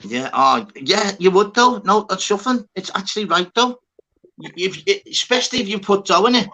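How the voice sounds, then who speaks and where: A man's voice: high-pitched, lively intonation, normal speed, pushed and bright. A man telling a sweary story in casual chat. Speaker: host.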